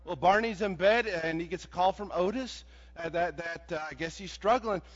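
A man preaching a sermon in a folksy, animated way, building to shouts. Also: high voice, moderate pace. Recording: dull sound with long hall reverb.

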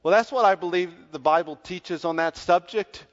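A pastor preaching a sermon, telling a story in a conversational way that grows loud when excited. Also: male voice, high voice, normal speed. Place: church sanctuary. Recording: dull sound with long church reverb.

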